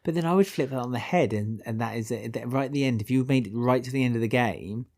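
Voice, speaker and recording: A man with a Welsh accent, co-hosting a podcast in casual chat, animated and full of restarts. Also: fast. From Wales. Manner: animated, chatty, with many restarts and sudden pitch jumps. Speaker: podcast co-host.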